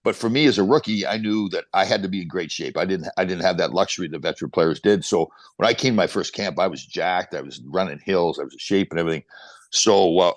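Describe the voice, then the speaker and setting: Fast-talking deep-voiced man in his 60s. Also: no echo. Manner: animated storyteller, quick restarts. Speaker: podcast guest, former pro hockey player. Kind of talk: casual storytelling interview.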